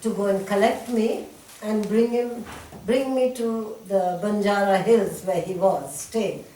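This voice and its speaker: Older woman, animated storyteller, recorded far off in a roomy hall. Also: mid-range voice, unhurried. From India. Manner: animated storyteller, laughs often, lively retelling. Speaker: interviewee telling memories. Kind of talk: reminiscing conversation. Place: talk room at a centre. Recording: echoey room, distant mic, faint hiss.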